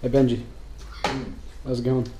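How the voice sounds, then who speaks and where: A man's voice: medium pitch, monotone, normal speed, very noisy. A young man filming behind the scenes, joking with friends and calling out directions. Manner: playful, teasing, calls out directions. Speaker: filmmaker shooting behind-the-scenes footage. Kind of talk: casual banter with friends.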